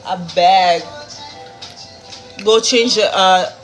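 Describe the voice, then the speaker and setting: A woman's voice: medium pitch, steady tone, extremely slow. Chatty blunt woman, echoey room, music. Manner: blunt, chatty and profane, talks straight to viewers. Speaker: livestreamer. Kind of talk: casual livestream chat while cooking. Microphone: phone.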